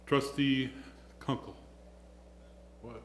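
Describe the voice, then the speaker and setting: A man's voice: medium pitch, steady tone, very slow. A man chairing a village board meeting, speaking formally and graciously. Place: council chamber. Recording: roomy chamber audio, faint hum.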